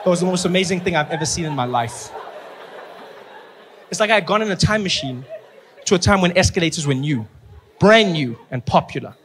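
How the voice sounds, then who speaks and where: A man's voice: brisk, long pauses, some chatter behind, a little hiss or hum. A man doing stand-up comedy, telling stories animatedly and acting out the people in them. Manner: animated, acts out characters with big pitch swings. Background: audience laughter.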